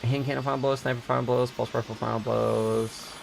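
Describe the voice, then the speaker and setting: Gravelly streamer man chatting casually. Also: medium pitch, level tone, fairly quick, faint music behind. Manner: chatty, swears casually, banters with friends and chat. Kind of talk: casual live-stream chat while gaming.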